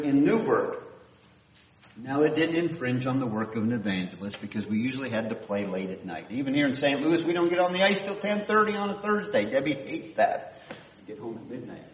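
A man from Canada preaching a conversational sermon, full of restarts and questions to his listeners. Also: mid-range voice. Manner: animated, with frequent restarts and questions to the audience. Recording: echoey room from a distance, dull sound.

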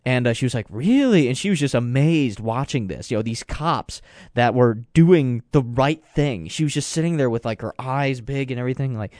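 A man's voice: mid-range voice, moderate pace, darkish tone, dry recording, clean studio sound. A man giving rambling, digressive commentary with sarcastic asides. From United States. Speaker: political commentator. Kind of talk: casual talk commentary.

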